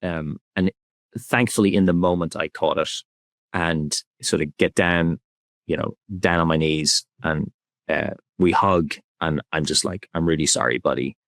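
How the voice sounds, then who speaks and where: A man speaking as a podcast guest, talking in a soft, reflective and candid way in a relaxed conversation. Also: deep voice, measured pace, no room sound.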